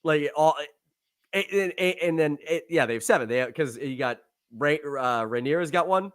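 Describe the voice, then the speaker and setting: A man's voice: normal speed, no room sound, studio quality. A man co-hosting a podcast in casual chat, talking animatedly and jumping into character voices as he tells a story. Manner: animated, acts out characters with sudden swoops in pitch. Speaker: podcast co-host.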